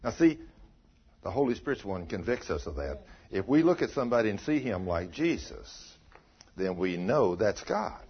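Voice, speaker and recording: A man preaching a sermon, telling stories in a folksy, animated way and rising to loud emphatic peaks. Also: on the low side, normal speed. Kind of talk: sermon with storytelling. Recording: dull lo-fi recording.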